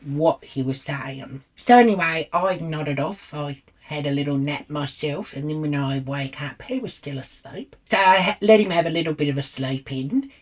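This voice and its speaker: A woman's voice: sits low, moderate pace, hardly any pauses. A woman with an Australian accent telling a bawdy comic story in a brash, chatty way.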